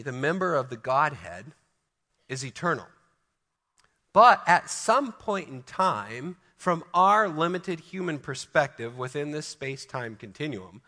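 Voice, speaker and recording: A man preaches an emphatic sermon with a bright, forceful, fairly high voice. He slows right down to stress key words. The sound rings with the long reverb of a church hall. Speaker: pastor.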